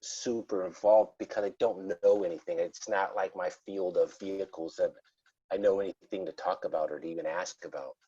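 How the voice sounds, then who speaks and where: A man's voice: sits low, fairly even intonation, brisk, warm tone, breathy edge. A man hosting a hobby podcast, chatting casually in a rambling, self-deprecating, friendly way. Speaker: podcast host. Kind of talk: casual interview chat. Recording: dull lo-fi podcast audio.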